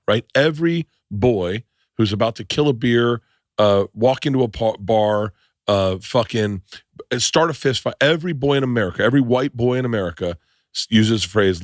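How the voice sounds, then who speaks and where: A man's voice: mid-range voice, dry recording, studio quality. A man hosting a podcast, rambling through stories and acting out the people in them. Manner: rambling, acts out other people in his stories. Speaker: podcast host. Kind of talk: casual podcast chat.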